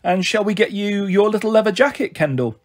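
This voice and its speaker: A man voicing a breezy, impatient young mother who scolds briskly in a storybook reading. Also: high-pitched, animated, pitched above the performer's own voice. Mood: vague.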